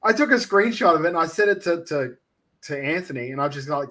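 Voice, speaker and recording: A man's voice: on the high side, expressive, fast, bright, forceful tone. An Australian man who works as a wrestling manager, talking casually on a podcast. He rambles with many fillers and swears freely. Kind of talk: casual chat.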